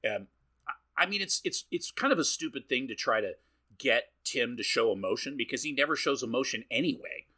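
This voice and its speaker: A man co-hosting a podcast walks through a film scene by scene, his bright voice swinging up and down as he acts out the characters. He talks casually and swears freely. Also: mid-range voice, fairly quick. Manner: animated, swearing, acting out characters' lines. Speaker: podcast co-host. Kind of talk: casual chat recapping a film.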